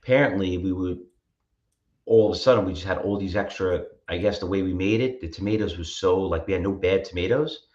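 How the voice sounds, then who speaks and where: A man co-hosting a trading show, telling rambling, animated stories in casual chat. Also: sits low, fairly quick. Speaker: co-host. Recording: roomy, dull-sounding mic.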